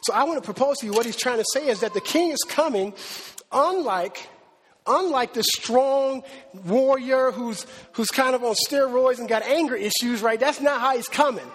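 A man preaching a sermon with animated, emphatic delivery, repeating words for stress. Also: very high voice, moderate pace, husky. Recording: long hall reverb.

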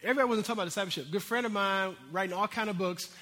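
A man's voice: high voice, racing, pushed and bright, long reverb tail. A man preaching a sermon in a casual, conversational way, with frequent asides to his congregation. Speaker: pastor.

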